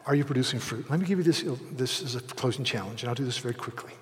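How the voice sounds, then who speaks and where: Man in his 60s, pastor delivering a sermon, humorous self-deprecating storyteller with hushed asides and loud peaks, mid-pitched voice, long reverb of a church hall. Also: fast talker, few pauses.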